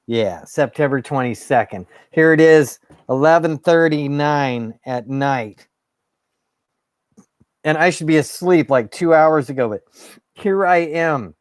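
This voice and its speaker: A man's voice: on the high side, measured pace, no room sound, studio quality. A man hosting his own show, ranting in a fired-up, sarcastic way and swearing. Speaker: host. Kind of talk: ranting monologue.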